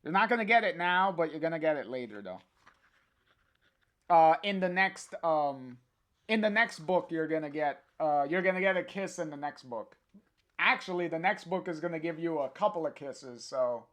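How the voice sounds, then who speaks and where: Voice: mid-range voice, lively intonation, moderate pace. A live-stream host casually reading a comic aloud and chatting with viewers, stumbling through many fillers and restarts. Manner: hesitant, full of filler sounds and restarts; chats directly to a viewer in the live chat.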